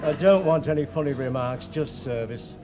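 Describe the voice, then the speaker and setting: A man's voice: on the high side, moderate pace, over a noisy crowd, close to an everyday voice. A man playing a rude, boastful restaurant customer who blusters and bosses the waiter around, in a TV comedy sketch. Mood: blustering. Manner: blustering, bossy. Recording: TV studio, loud audience and music.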